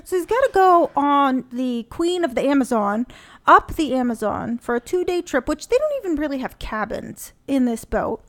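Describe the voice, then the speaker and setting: A woman co-hosting a comedy podcast, telling stories in an animated, sarcastic way in casual chat. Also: high voice, normal speed. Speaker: podcast co-host.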